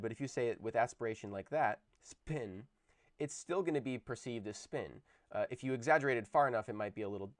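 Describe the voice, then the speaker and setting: A man's voice: medium pitch, dry recording, clean studio sound. A man giving a recorded video lecture on linguistics, explaining step by step and saying example words aloud. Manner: explanatory, demonstrates sounds aloud. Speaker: linguistics teacher.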